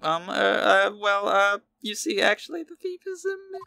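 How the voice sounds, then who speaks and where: A man's voice: sits high, steady tone, moderate pace, gravelly, pushed and bright, slight background noise, pitched above the performer's own voice, heavily acted. A man shrieking as a frantic young thief. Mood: flustered.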